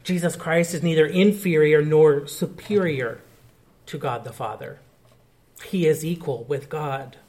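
Higher-voiced male pastor preaching. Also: measured pace, a little mellow. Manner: earnest, explanatory teaching. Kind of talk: sermon.

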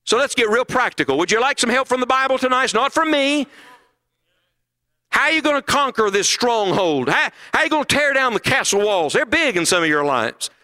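A man's voice: extremely high pitch, very animated, a little fast, pushed and bright. A middle-aged man preaching a sermon at a conference, emphatic and full of rhetorical questions.

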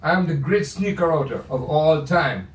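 An older man tells stories from his life in a playful, rambling way, often circling back on a word before landing it. His voice sits a bit high. He sounds set back from the mic in an echoey room. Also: animated, moderate pace, recorded from a distance. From Jamaica. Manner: playful, rambling storyteller with repeated restarts. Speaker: pianist. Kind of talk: reminiscing monologue.

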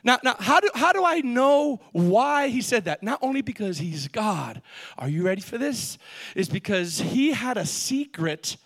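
A man preaching a sermon in an animated way, acting out panicked voices and building up to shouts. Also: extremely high pitch, measured pace, dry recording.

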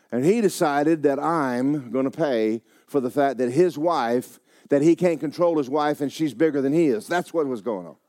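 A man pastor preaching a sermon with personal stories, animated, laughing often and dropping suddenly quiet for emphasis. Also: a little high, dry recording, studio quality. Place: church sanctuary.

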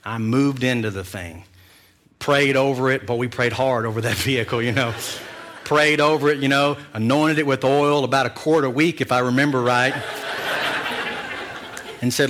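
Male pastor, sermon storyteller; bright, punchy tone, animated and self-mocking. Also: medium pitch, moderate pace, long pauses, slight background noise.

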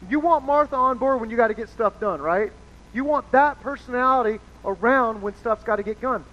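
Man pastor with a high voice, casual sermon delivery, slightly muffled recording. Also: a little fast, fairly bright tone. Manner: casual, chatty, acts out quoted voices. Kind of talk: conversational sermon. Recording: dull lo-fi sound with faint noise.

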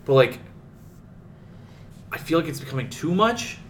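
A man's voice: fairly high pitch, sing-song, a little slow, a bit bright, a little hiss or hum. A young man co-hosting a podcast, chatting casually and complaining in rambling, restarting sentences. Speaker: podcast co-host. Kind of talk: casual chat.

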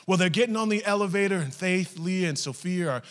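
A male pastor telling a family story in a sermon, animated and acting out the voices of his wife and daughters. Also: high-pitched, brisk, in a large hall.

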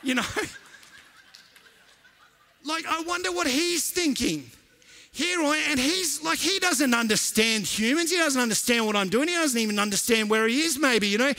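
Man, pastor, sermon, lively storyteller, repeats for emphasis, high pitch. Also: fairly quick, few pauses.

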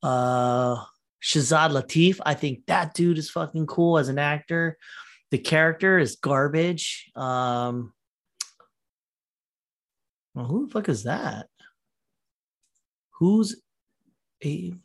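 A man talks on his own podcast in a loose, rambling rant, swearing freely. His voice sits a little high for a man. He laughs often and mocks characters in quoted voices. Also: slow pace, creaky, long pauses, fairly bright tone. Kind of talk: casual solo podcast rant.

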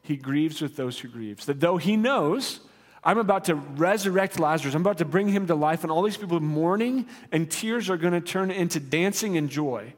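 A man's voice: fairly high pitch, animated, moderate pace, long reverb tail. A man preaching a sermon in an earnest, conversational teaching manner with rising emphasis. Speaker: pastor.

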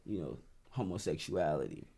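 A young man co-hosting a casual podcast, explaining his views in a relaxed, laid-back way. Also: sits low, normal speed, gravelly, slight background noise. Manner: laid-back, laughing, drifts quieter as he explains. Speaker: podcast co-host.

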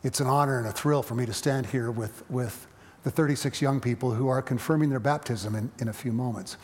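Preaching a little fast at medium pitch, a middle-aged pastor delivers a dynamic sermon in a church sanctuary. He surges to loud peaks before falling quiet, with long hall reverb around him.

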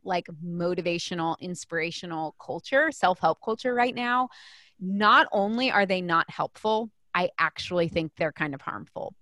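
Emphatic, energetic woman author. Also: on the low side, no room sound, clean studio sound. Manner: energetic and emphatic, with frequent restarts. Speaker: author and coach. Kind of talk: guest in a casual interview.

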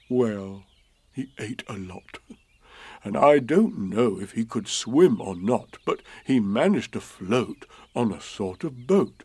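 A man's voice: medium pitch, lively intonation, slow, darkish tone, breathy edge, dry recording. A man reciting playful children's verse in call-and-response style. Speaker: reader.

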